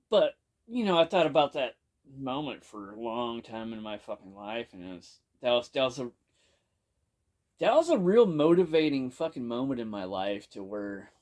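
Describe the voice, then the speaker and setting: A man casually telling a story from his own past, rambling and swearing constantly, with lots of "you know". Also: medium pitch. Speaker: podcast storyteller. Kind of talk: casual first-person storytelling.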